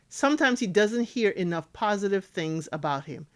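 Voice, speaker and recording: A woman's voice: mid-range voice, expressive, normal speed, hardly any pauses. A woman giving casual recap commentary on a reality dating show, acting out cast members' lines as she talks.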